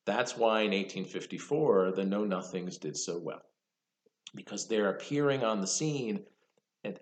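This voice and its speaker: A man giving a university history lecture, conversational and lively, telling the story with casual asides. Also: fairly low pitch, echoey room. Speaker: history professor.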